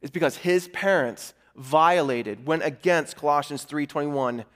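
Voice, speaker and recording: Earnest preacher man, slightly high voice. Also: unhurried. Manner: earnest storytelling preacher with lively asides. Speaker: pastor. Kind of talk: sermon.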